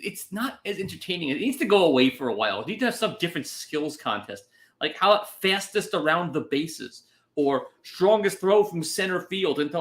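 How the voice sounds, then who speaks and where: A young man co-hosting a casual comedy podcast, riffing sarcastically and dropping quick impressions. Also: high voice, fairly bright tone. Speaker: podcast co-host.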